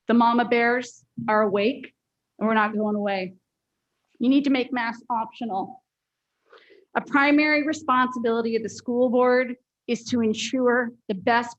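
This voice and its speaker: A woman giving a forceful, emotional public comment, scolding a school board. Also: fairly high pitch. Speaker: parent speaking at public comment. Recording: dull lo-fi meeting audio.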